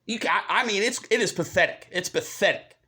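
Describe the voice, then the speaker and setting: A man's voice: sits high, fairly quick, sharp tone. A man vlogging an angry, heated rant to his viewers, profane and repeating himself.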